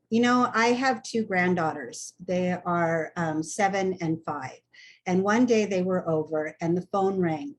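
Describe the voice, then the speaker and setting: A woman's voice: fairly low pitch, a little hiss or hum. An older woman, a hospice nurse, talking frankly and plainly as a guest on a video call. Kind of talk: casual chat on a video call.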